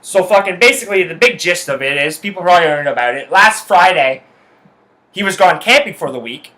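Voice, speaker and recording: A man delivers a heated solo podcast rant, swearing constantly as he tells his story. His voice sits a little high and comes out bright and forceful. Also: lively intonation, a little fast. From Canada. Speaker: podcast host. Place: his house.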